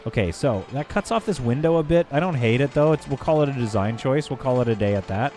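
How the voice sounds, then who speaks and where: A man with a mid-range, animated voice and a darkish tone is live-streaming a game, rambling and joking with viewers over soft background music. He chats casually as he plays, making halting, self-correcting stabs at bits of French.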